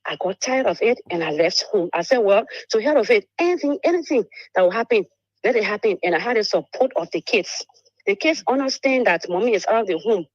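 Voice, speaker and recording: A woman, telling a painful personal story on a talk show, halting and repeating words. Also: mid-range voice, lively intonation, dry recording. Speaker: guest telling her story. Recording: muffled dry broadcast audio.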